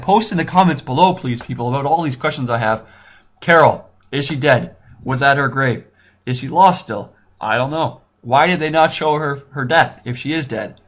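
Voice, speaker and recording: Excitable rambling man reviewing a show. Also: fairly high pitch, fairly quick. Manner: excitable, rambling, thinks aloud with many restarts. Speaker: YouTube TV reviewer. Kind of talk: casual recap commentary.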